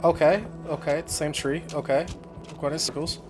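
A young man hosts a horror game playthrough, chatting casually and exclaiming often in jumpy, talkative let's-play commentary. His voice is a little high with a level tone at normal speed, and music plays in the background.

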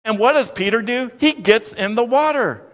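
A man in his forties preaching a sermon as pastor, with playful asides and animated storytelling. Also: extremely high pitch, moderate pace. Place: church sanctuary. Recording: long church reverb.

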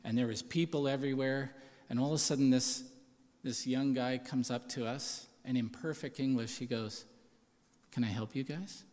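A man on a church's staff, telling personal testimony stories in an animated way and acting out the lines of the people in them. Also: mid-range voice, normal speed. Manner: animated storyteller, acts out quotes. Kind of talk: testimony storytelling. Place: church sanctuary. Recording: long hall reverb.

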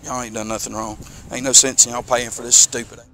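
A man's voice: medium pitch, little pitch movement, fairly quick, pushed and bright. A man with a Southern US accent, a police officer berating people at a roadside traffic stop, swearing often, recorded on a body-worn camera. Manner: angry, badgering, swears often. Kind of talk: confrontational talk at a traffic stop.

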